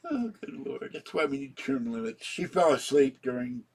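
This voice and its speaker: A man's voice: mid-range voice, big pitch swings, normal speed, a little mellow, husky. A man giving a rambling home vlog monologue, ranting and often laughing. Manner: ranting, frequently breaking into laughter. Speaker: vlogger. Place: at home indoors.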